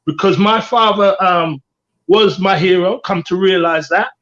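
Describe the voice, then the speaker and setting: A man's voice: high voice, a little slow, fairly bright tone, highs cut off. A middle-aged man co-hosting a candid panel chat, earnest and reflective, repeating his key phrases. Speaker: co-host.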